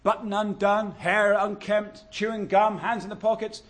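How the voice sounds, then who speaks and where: Guy preaching, kinda high voice, earnest, drags out words for emphasis. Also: fairly bright tone. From England. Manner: earnest and exhortative, stretching key words slowly. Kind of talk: sermon.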